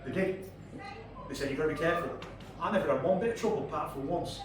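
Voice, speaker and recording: Talking fast in a fairly high voice, the fifty-something Yorkshire stand-up tells brash, sweary stories and ribs the crowd. The background is noisy, the club echoes, the mic is distant, and laughter comes from the audience.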